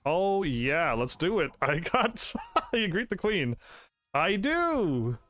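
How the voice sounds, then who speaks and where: A man's voice: on the high side, sing-song, slow pace, fairly bright tone. A man streaming a game who chats to his audience, laughs often, and reads the game's narration aloud. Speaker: gaming streamer. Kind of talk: casual game commentary.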